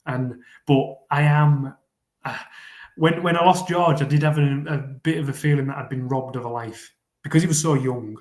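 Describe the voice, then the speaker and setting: A man gives a casual interview, speaking in an earnest, rambling way and often doubling his words as he gathers his thoughts. His voice sits at an ordinary pitch for a man. A roomy echo hangs around the recording. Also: normal speed, a little mellow. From England. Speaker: guest, fell runner.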